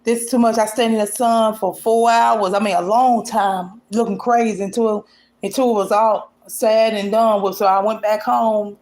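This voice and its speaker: A woman's voice: medium pitch, fairly even intonation, normal speed, a little mellow. A woman telling a painful personal story to her vlog audience in a rambling, emotional, colloquial way. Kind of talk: casual storytelling.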